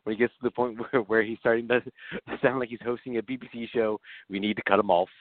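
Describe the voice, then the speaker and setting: A man co-hosts an online talk show in casual chat, using a put-on English accent, laughing a lot and swearing. He talks fast in a mid-range voice with fairly even intonation, over a dry, tinny, phone-like line.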